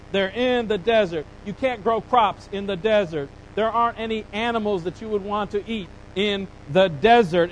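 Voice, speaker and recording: A man preaching a sermon, animated and dramatic, acting out the complaints of biblical figures as he retells a scripture passage. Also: high-pitched, a little hiss or hum, rough recording. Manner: animated preaching, voicing Bible figures with rising emphasis. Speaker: pastor.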